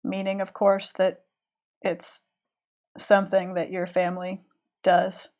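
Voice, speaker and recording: A woman's voice: mid-range voice, slow. A woman with a Southern American accent, chatting casually and thinking aloud while she draws live on stream. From Southern United States. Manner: relaxed, thinking aloud, trailing off while concentrating. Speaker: streaming illustrator.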